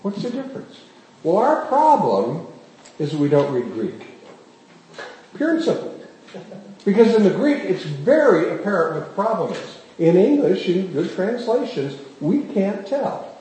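Animated male pastor in an echoey hall. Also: sits high, a little slow. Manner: questions the congregation, animated storytelling. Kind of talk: sermon. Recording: very echoey room, faint background noise.

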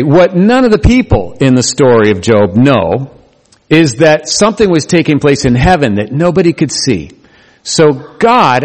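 A man preaching a sermon in a conversational, animated way, acting out the voices he quotes. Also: medium pitch. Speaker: pastor. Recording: long hall reverb.

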